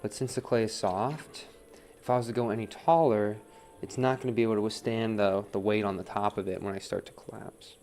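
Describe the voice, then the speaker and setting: On a livestream from his pottery studio, a man demonstrates throwing on the wheel, counting his pulls out loud and often asking "right?" His fairly low voice is steady, a little mellow, and fairly quick, and his manner is casual.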